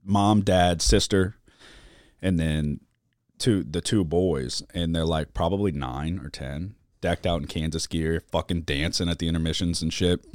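A man's voice: sits low, fairly even intonation, measured pace, darkish tone, no echo, studio quality. A man telling a story in casual chat, cursing heavily and mimicking the people he quotes.

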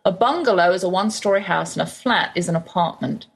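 An English woman hosting a show, reading out a prepared piece with a crisp, wry delivery. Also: lowish voice, fast. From England. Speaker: podcast host.

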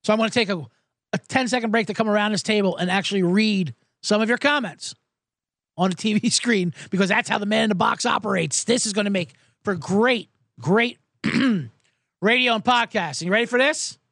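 Here a man runs a sports betting podcast by himself from a small booth, his casual live talk rambling, profane, and self-deprecating. He speaks briskly in a high pitch with a fairly bright tone. A studio microphone captures it with no room sound.

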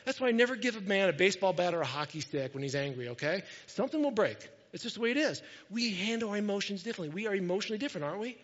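A man delivers a lively sermon in a high voice, joking with his congregation as he goes. The sound is dull and lo-fi. A long reverb trails each line, as in a large hall. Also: rapid-fire, few pauses. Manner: animated, jokey preaching with asides to the congregation. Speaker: pastor.

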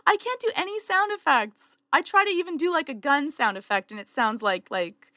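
A woman's voice: sits high, expressive, normal speed, pushed and bright, no room sound, studio quality. A woman on a podcast panel, teasing playfully with lots of giggles in casual banter.

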